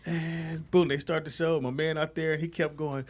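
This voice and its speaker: A man telling a story in casual chat, animated and acting out the people he quotes. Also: fairly high pitch, normal speed. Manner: animated, acts out quoted people, laughs often. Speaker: podcast co-host telling a story.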